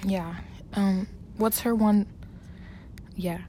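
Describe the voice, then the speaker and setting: A woman's voice: medium pitch, steady tone, extremely slow, mellow. A woman in easygoing casual chat, often hesitating with "um" and laughing along. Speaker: friend doing celebrity impressions.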